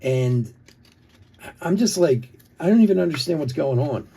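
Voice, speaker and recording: Speaking at normal speed with lively intonation, this man has a fairly high, gravelly, slightly rough voice with a dark tone. He hosts a live card-breaking stream from the Philadelphia area and tells a wandering story while opening cards, chuckling and leaning on "like" a lot.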